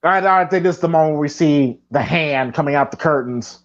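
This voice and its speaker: A man's voice: on the high side, moderate pace. A man co-hosting a live movie commentary podcast, talking animatedly and often repeating words while he thinks. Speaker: podcast co-host. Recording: dull lo-fi audio.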